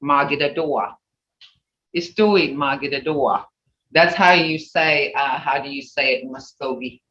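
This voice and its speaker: A woman teaching a language class over a video call, slowly repeating sounds for learners to copy. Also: low voice, fairly bright tone, slight background noise. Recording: dull roomy video-call audio.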